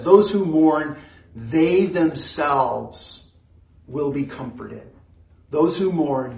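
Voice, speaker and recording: A man preaching a sermon in a slow, measured way, repeating phrases and pausing often. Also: on the high side, reverberant, recorded from a distance, rough recording. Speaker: pastor.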